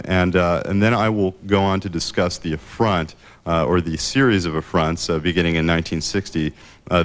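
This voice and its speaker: Very low-voiced man giving a lecture. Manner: measured, with frequent uh fillers and restarts. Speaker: author giving a book talk. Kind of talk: prepared lecture.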